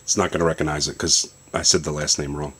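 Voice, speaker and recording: A man's voice: a bass voice, level tone, quick pace, a bit bright, a little hiss or hum. A man in a basement casually demonstrating a phone setup, rambling through his explanation with fillers and restarts. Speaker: tech video host.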